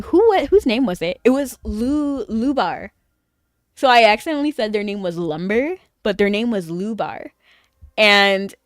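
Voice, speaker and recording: A woman's voice: medium pitch, dry recording, studio quality. A woman streaming a game, chatting casually with her viewers in a rambling, filler-heavy way and laughing easily.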